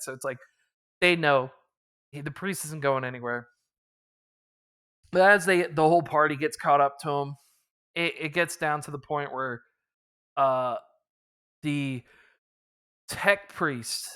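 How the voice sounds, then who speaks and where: A man's voice: fairly high pitch, sharp tone. A man casually recapping a tabletop campaign as its game master, rambling with lots of fillers and chuckles.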